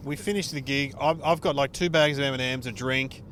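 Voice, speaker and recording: A man's voice: medium pitch, fairly even intonation, brisk, fairly bright tone, slight background noise. A man with an Australian accent chatting as a podcast co-host, laughing often and calling his friend "mate", recorded in a moving car. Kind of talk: casual chat.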